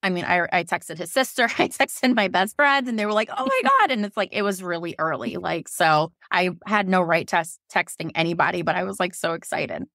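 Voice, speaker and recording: Woman, 30s, podcast guest. Animated storyteller who jumps up in pitch for quoted lines, dry close mic. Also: a little fast, hardly any pauses, no echo. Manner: animated, laughs often, acts out quotes in a higher voice. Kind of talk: casual storytelling.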